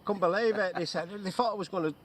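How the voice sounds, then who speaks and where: A man with a Runcorn accent, a veteran joking and swearing freely in casual banter outdoors in the woods. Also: fast. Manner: joking, swears freely, bursts into high silly chants. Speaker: bushcraft veteran. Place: outdoors in woodland.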